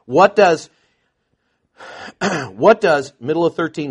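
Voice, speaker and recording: A man's voice: a little high, expressive, slow, breathy edge. A man teaching the Bible to a live group in a conversational, sarcastic way, with mocking asides.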